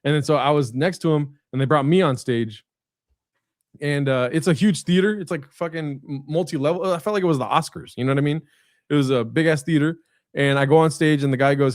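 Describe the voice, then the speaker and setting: On a video call, a guest comedian with a fairly high voice talks quickly, drifting through long stories thick with fillers and curse words. The recording is dry and of studio quality.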